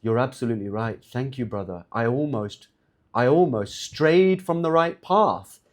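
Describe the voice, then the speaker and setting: A man voicing a humbled young man who answers quietly and meekly. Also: mid-range voice, lively intonation, normal speed, lightly acted. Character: angry young man turned meek, humbled.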